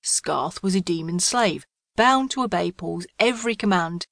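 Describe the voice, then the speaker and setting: Woman audiobook narrator, wry comic delivery, lowish voice, dry close recording. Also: lively intonation, moderate pace, vocal fry, no room sound.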